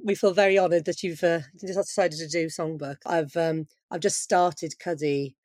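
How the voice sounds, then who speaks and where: A woman's voice: lowish voice, fairly even intonation, normal speed, a little mellow, no room sound, clean studio sound. A woman hosting a podcast interview, asking questions with enthusiasm and plenty of fillers. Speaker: podcast host.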